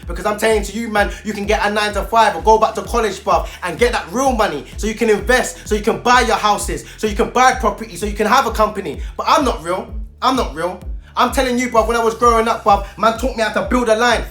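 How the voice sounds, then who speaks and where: A man's voice: high-pitched, fast talker, a bit bright, soft background music. A man, a youth mentor ranting straight to camera in fired-up, preachy street talk, repeating himself for emphasis. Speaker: youth mentor speaking to young people. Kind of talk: direct-to-camera rant.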